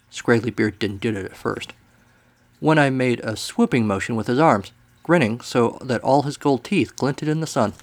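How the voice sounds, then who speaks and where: A man's voice: medium pitch, moderate pace. A man hosting a podcast segment, telling a comic story in a dry, wry way. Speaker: storyteller host.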